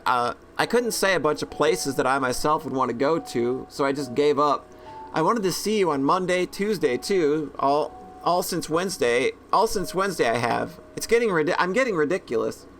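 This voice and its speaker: A man's voice: a little high, fairly bright tone, a little hiss or hum. A man reading out a visual novel's anxious teenage schoolgirl, whose email rambles and corrects itself in a plain reading voice.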